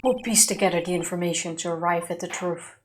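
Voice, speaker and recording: A woman's voice: fairly low pitch, fairly even intonation, fast, slight background noise, pitched below the performer's own voice, close to an everyday voice. Woman reading as a stiff male prosecutor. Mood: stern. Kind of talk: reading game dialogue aloud. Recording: game music underneath.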